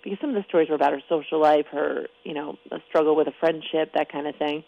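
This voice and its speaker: A woman's voice: low voice, steady tone, fast talker, muffled recording. A woman guest on a radio talk show, losing her voice and a little crackly, explaining things chattily in long run-on stretches. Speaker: newspaper columnist guest. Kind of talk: casual radio chat.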